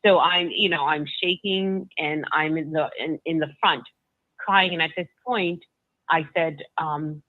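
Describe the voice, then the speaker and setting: A woman being interviewed, telling a personal story in a halting way, often restarting and repeating her words. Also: low-pitched, fairly even intonation, dry recording. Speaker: guest recounting a personal story. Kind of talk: emotional first-person storytelling. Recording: tinny phone-like line, dry.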